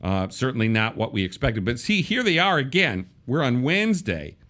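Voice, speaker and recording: A man's voice: mid-range voice, big pitch swings, normal speed, a bit bright. A man hosting a casual political talk show, wry and conversational, often restarting his sentences. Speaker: podcast host.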